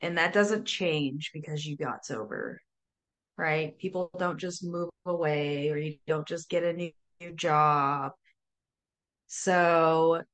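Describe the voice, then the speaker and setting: A woman talking casually as a sober coach guest, lively, full of fillers and acted-out quotes. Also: low-pitched. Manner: animated, says "like" often, acts out quotes. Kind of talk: casual interview talk.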